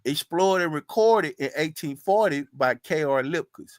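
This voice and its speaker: Bright, lively, easygoing man. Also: on the high side, normal speed, dry recording. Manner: laid-back, placating, laughs easily. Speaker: guest caller. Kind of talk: casual chat.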